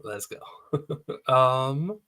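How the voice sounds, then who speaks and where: A man's voice: medium pitch, expressive, drawn-out words, bright, forceful tone. A man hosting a livestream, chatting casually and thanking supporters in a self-deprecating way. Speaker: livestream host. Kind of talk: casual chat.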